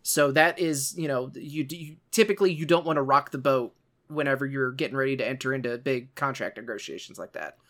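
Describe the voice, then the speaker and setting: A man's voice: medium pitch, brisk, a bit bright. A man co-hosting a casual podcast, talking in an easygoing, rambling way with many fillers. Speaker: podcast co-host.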